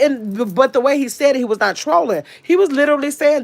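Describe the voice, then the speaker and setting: A woman's voice: sits high, expressive, quick pace, gravelly. Chatty woman with a nasal voice. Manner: rambling, chatty storytelling with restarts. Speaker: live streamer. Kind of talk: casual chat to a livestream audience.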